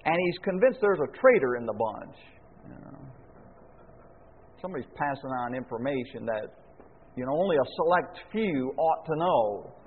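A man's voice: mid-range voice, expressive, moderate pace, slightly rough. Folksy preacher man in echoey hall. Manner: folksy, rhetorical questions, chuckles often. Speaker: pastor. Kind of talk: sermon. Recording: echoey hall, phone-like lo-fi sound.

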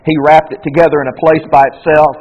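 A man preaching a sermon, talking in a conversational way and reading scripture aloud, moving from quiet asides to loud, fervent bursts. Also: a little high, flat delivery, quick pace, lo-fi sound. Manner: reads scripture aloud and then explains it.

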